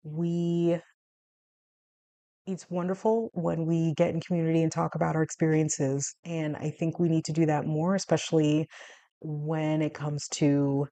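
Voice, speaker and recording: A woman's voice: flat delivery, a little slow, warm tone, dry recording. A woman in her forties from the United States, talking casually to camera about her health and laughing often. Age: 40s. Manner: chatty, laughs often, acts out dialogue with big jumps in pitch. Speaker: health vlogger.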